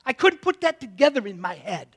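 A man preaching a sermon in a folksy storytelling way, moving from quiet asides to loud calls to the congregation. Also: extremely high pitch, sing-song, fairly quick. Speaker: pastor.

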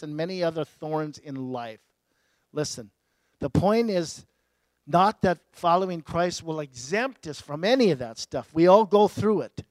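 A male pastor preaching a sermon, swinging between emphatic peaks and low, quiet asides, and often laughing at himself. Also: dry recording, poor audio.

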